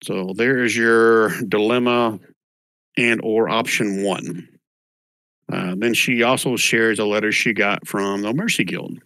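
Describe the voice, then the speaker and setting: Bright-voiced man narrating as game master. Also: on the low side, slow pace, no echo, poor audio. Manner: reads in-character letters in a steady narrating voice. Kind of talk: narrating a tabletop game and reading letters aloud.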